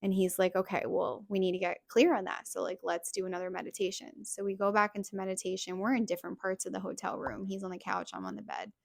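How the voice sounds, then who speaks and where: A woman's voice: mid-range voice, animated, quick pace, creaky, few pauses, no echo, studio quality. A young adult woman hosting a podcast, telling a personal story in a chatty way full of fillers. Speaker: podcast host.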